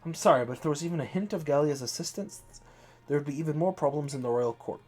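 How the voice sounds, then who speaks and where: A man voicing a composed noble woman knight in a video game, polite and measured. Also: on the high side, darkish tone, soft background music, natural voice. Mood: earnest.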